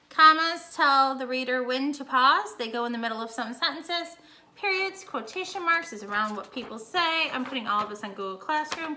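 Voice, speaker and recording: A woman's voice: sits high, sharp tone, slight background noise. A young woman teacher recording a casual home lesson for her students, explaining each step in a chatty way.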